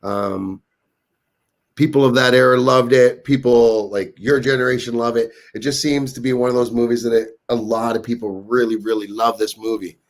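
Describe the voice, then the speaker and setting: A man's voice: mid-range voice, fairly even intonation, normal speed. A man co-hosting a casual movie review chat, joking and laughing often. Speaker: host.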